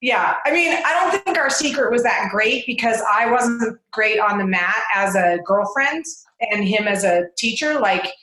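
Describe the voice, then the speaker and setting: A woman's voice: fairly high pitch, lively intonation, moderate pace, hardly any pauses, sharp tone. A woman in her forties, a guest on a casual interview show, talking hesitantly with many fillers and laughing often. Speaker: podcast guest. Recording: roomy echo.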